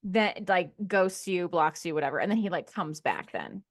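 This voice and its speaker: A woman's voice: on the low side, animated, moderate pace, dry recording, clean studio sound. A woman co-hosting a podcast who asks eager questions and recaps the guest's story. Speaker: co-host. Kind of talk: casual podcast chat.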